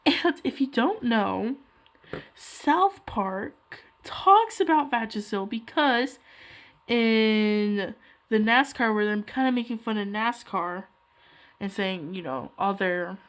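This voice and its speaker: A young woman talks casually while she draws, her voice sitting a little high. She rambles from one aside to the next and pokes fun at herself as she goes. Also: expressive, slow. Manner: rambling, chatty, self-deprecating. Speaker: hobby artist vlogger. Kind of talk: casual chat while drawing.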